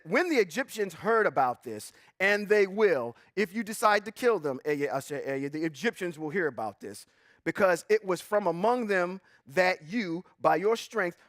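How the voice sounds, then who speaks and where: A man teaching scripture in a sermon style, reading verses slowly and then preaching with rising emphasis, asking the audience questions. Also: high voice, no room sound, studio quality. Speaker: Bible teacher.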